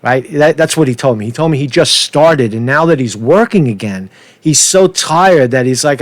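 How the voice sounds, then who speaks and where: A man's voice: medium pitch, animated, moderate pace, no echo. A man doing ranting street commentary for his vlog, swearing a lot and tagging nearly every point with "right?". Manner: profane, keeps asking "right?". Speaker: street vlogger.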